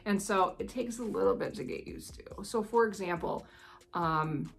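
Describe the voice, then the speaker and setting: A woman's voice: mid-range voice, normal speed, faint music behind. An American woman vlogging casual advice in a chatty, rambling way, laughing often. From United States.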